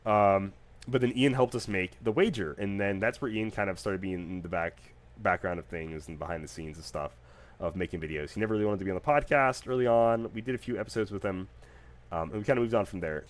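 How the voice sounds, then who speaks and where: A man hosting his own podcast, telling stories in a casual, animated, jokey way with plenty of fillers. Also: on the low side, fairly quick. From United States. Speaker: podcast host. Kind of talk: casual solo podcast storytelling.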